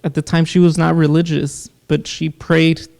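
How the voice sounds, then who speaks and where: A man, a podcast guest, earnestly telling a personal story in casual talk, with halting restarts. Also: on the high side, level tone, vocal fry, darkish tone. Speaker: guest, producer.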